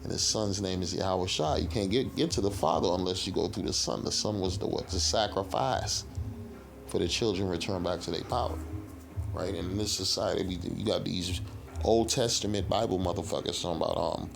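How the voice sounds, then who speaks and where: A man teaching scripture in a rough, profane street style, reading verses and asking "right?" again and again. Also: deep voice, brisk, music in the background. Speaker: street preacher.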